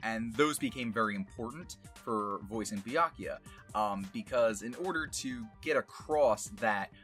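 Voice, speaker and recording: A man's voice: medium pitch, unhurried, a bit bright, soft background music. A man who works as a voice actor, rambling casually and laughing at himself as he explains his craft. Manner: rambling and self-amused, with many fillers. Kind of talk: casual talk about voice acting.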